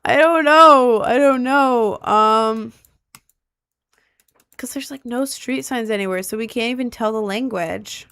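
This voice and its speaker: Young female streamer, slightly high and smooth-voiced, thinking aloud while guessing locations, dry close sound. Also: steady tone, a little slow, fairly bright tone, no room sound. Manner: thinking aloud, asks chat for help. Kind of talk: casual gameplay commentary.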